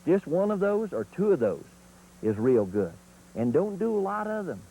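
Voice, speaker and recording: A man's voice: sits high, very animated, normal speed, dark tone, low-quality recording. A man teaching turkey calling in an instructional video, in a folksy, plain-spoken way.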